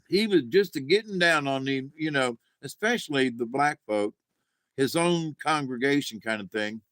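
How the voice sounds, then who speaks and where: A man's voice: medium pitch, expressive, unhurried, bright, forceful tone, no echo. A man talking in a rambling, casual monologue to his camera, losing his train of thought, chuckling and swearing offhandedly. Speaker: vlogger.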